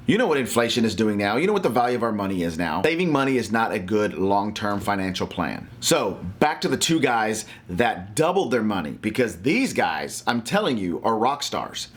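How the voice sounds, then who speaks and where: A man's voice: medium pitch, sing-song, normal speed, hardly any pauses. A man from Louisiana giving a faith-based finance talk to camera, emphatic and motivational like a preacher.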